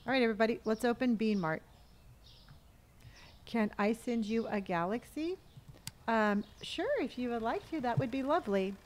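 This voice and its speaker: A woman's voice: fairly high pitch, lively intonation, moderate pace, pauses often, a little hiss or hum. A woman streaming a game live, chatting casually, thanking viewers for gifts, answering chat questions, and humming or counting money under her breath as she plays.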